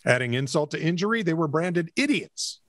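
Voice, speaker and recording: A man's voice: fairly high pitch, very animated, fairly quick, fairly bright tone, dry recording, studio quality. A man co-hosting a casual comedic news podcast, reading stories aloud, laughing easily and trading quips. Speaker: podcast co-host.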